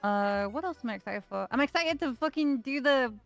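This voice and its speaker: A woman's voice: high-pitched, expressive, brisk, over music. A woman with a mild Liverpool accent, a guest chatting casually with lots of restarts and casual swearing. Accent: mild Liverpool English. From Liverpool, England. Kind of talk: casual chat.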